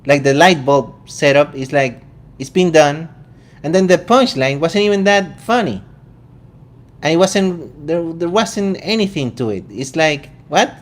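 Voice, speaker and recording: A man's voice: fairly high pitch, lively intonation. A man from Venezuela with a Venezuelan accent, hosting a casual vegan commentary show in a joking, incredulous way. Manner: incredulous, joking, quick asides. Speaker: vegan channel host.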